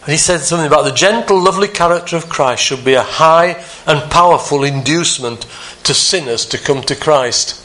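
A man preaching a sermon, earnest, climbing higher for emphasis and dropping soft on the quieter phrases. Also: brisk, hardly any pauses.

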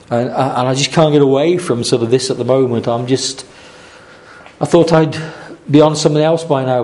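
A man's voice: mid-range voice, dark tone. A man preaching a sermon earnestly, repeating his phrases and restarting often.

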